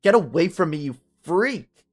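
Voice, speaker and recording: A narrator voicing a distraught young woman student who yells slowly and shrilly. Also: very animated. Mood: furious. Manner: shrill, loud and slow.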